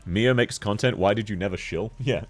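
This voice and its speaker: A man's voice: lowish voice, normal speed, breathy edge, faint music behind. A man streaming a video game, chatting casually, joking around and laughing a lot as he reads chat aloud. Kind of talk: casual live-stream chat while gaming.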